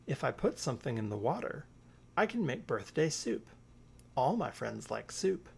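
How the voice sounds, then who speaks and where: Eager little bear cub, a man doing the voice, storybook, lively sing-song, gravelly edge. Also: medium pitch, moderate pace, exaggerated voice. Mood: cheerful. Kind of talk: storybook read-aloud.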